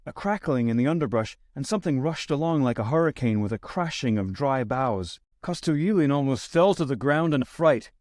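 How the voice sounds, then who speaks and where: A man narrating a classic short story as an audiobook reader, steady, lifting his voice for quoted lines. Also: mid-range voice, normal speed, hardly any pauses, no room sound, clean studio sound. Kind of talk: scripted narration.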